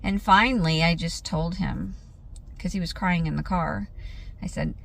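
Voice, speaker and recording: A woman's voice: lowish voice, animated, unhurried, creaky. A woman vlogging in a chatty storytelling way, laughing often and acting out what was said. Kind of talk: casual vlog chat.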